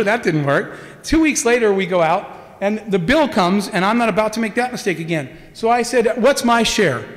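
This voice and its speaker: A middle-aged man giving a conference keynote, telling stories and acting out the dialogue in them with lively energy. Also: sits high. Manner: animated storyteller acting out quoted dialogue. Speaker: keynote speaker. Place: large conference hall. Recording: long hall reverb.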